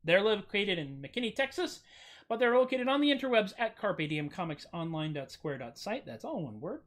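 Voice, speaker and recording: An American man hosting a casual livestream from home, chatty and self-mocking, with goofy jumps up in pitch on his jokes. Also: sing-song, normal speed, a bit bright. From United States. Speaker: streaming musician host.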